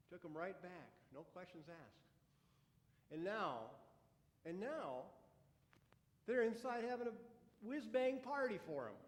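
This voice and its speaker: Grumbling self-righteous older brother, sarcastic, bright high male voice, reverberant sanctuary, acted by a pastor. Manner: indignant, sarcastic complaining. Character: resentful elder son, grown man, self-righteous. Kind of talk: first-person dramatic sermon monologue. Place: church sanctuary. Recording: echoey church sanctuary.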